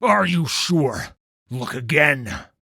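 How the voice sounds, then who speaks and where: A man voicing a stern, cold middle-aged male mage hunter who speaks slowly and loudly with a menacing edge. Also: fairly high pitch, sing-song, creaky, dry recording, studio quality, pitched above the performer's own voice, heavily acted. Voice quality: slow, loud, menacing delivery.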